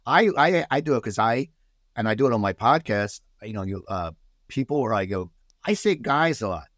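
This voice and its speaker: A man from the United States talks as a podcast guest, his pitch bouncing up and down as he tells stories. He often restarts his sentences and circles back before getting to the point. The sound is close and dry, with no room around it. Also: normal speed, dry recording. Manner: animated storyteller, many restarts. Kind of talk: casual podcast chat.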